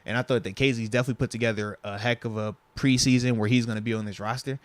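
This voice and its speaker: A man hosting a casual sports podcast, relaxed and slangy, talking into a lapel mic. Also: medium pitch, very fast, no room sound. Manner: laid-back, slangy, says "bro" and "man". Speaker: podcast host.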